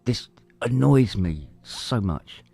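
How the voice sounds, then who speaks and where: A man's voice: fairly low pitch, lively intonation, slow, vocal fry, darkish tone, soft background music. A man telling stories in casual podcast conversation, acting out his own anecdotes. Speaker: podcast co-host.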